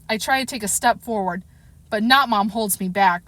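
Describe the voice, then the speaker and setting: A woman with a mid-range voice reads a first-person audiobook chapter at a moderate pace. Her storytelling is expressive, and now and then she corrects herself.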